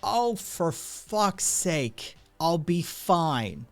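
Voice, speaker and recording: A man voicing a flamboyant, theatrical male club figure with a loud, teasing manner. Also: a little high, big pitch swings, very slow, faint music behind, voice pushed up, heavily acted. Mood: showy.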